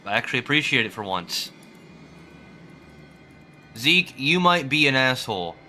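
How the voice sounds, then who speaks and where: A man's voice: mid-range voice, pushed and bright. A young adult man streaming a game with casual commentary, loose, joking and profane. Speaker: gaming streamer.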